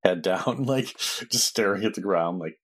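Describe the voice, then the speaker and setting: Man, game master, tabletop game, easygoing, very low voice, husky. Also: unhurried. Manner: easygoing, laughs often, casual narration with fillers.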